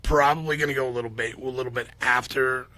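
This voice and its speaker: A man's voice: mid-range voice, steady tone, fast talker, sharp tone. A man guest on an interview podcast, chatting casually and rambling as he promotes a karaoke contest. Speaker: comedy show host, guest.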